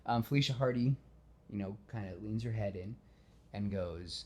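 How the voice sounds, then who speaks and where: A man hosting a casual podcast, talking in an animated, self-deprecating way and slipping into quick character voices. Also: fairly low pitch. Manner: self-deprecating, admits nervousness. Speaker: podcast host. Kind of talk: casual podcast chat retelling a film.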